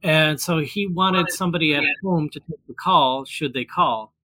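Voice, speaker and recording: A man's voice: on the high side, moderate pace, bright, forceful tone, slight background noise. A man telling a personal story in casual chat, rambling with many fillers and restarts and acting out the voices he quotes. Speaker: guest storyteller. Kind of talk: casual anecdote.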